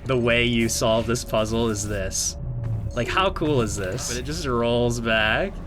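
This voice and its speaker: A young man giving casual gameplay commentary as a YouTuber, excitable and sarcastic, swearing often. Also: mid-range voice, a little slow, music in the background. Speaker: gaming YouTuber.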